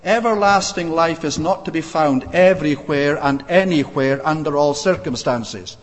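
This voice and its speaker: Preacher, man, measured sermon delivery, slightly high voice, recorded in a reverberant church. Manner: measured preaching with frequent uh fillers and restarts. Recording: long reverb of a church hall.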